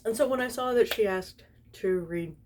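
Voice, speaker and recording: A woman's voice: medium pitch, normal speed, slight background noise. A young woman, tipsy from wine, reading fanfiction aloud at home, rambling and giggling between lines. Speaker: fanfiction reader. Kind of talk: tipsy casual storytime reading.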